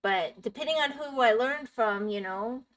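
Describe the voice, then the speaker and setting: A Minecraft streamer with a slightly high, somewhat bright voice talks at normal speed while live-streaming a game. She chats casually with her viewers and laughs often.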